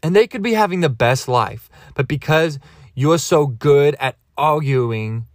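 A man's voice: a little high, lively intonation, measured pace, dry recording, clean studio sound. A man hosting a podcast, telling a comic story in a rambling, digressive, self-mocking way. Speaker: podcast host. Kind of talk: comedic storytelling monologue.

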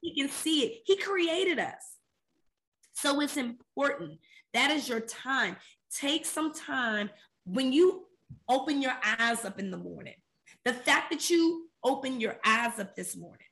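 A woman's voice: a little high, fairly bright tone. A woman co-hosting a faith podcast, talking about prayer in an earnest, conversational and emphatic way. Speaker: podcast co-host.

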